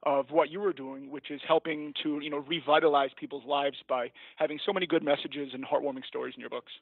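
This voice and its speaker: Teacher guest, male, slightly high voice, rambling storyteller, dry tinny phone-like line. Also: fairly even intonation, quick pace, gravelly, no echo. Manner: rambling, self-correcting, laughs at his own story. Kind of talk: storytelling in a podcast interview.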